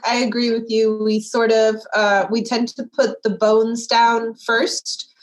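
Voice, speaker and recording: A woman guest author explaining her process in a steady, easygoing interview manner. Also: fairly high pitch, slow pace, poor audio. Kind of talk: casual interview chat.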